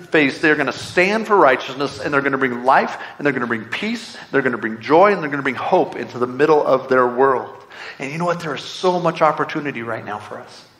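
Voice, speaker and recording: A man's voice: a little high, fairly bright tone. A middle-aged man preaching a sermon, earnest and conversational, full of repeated rhetorical questions. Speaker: pastor. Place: church sanctuary.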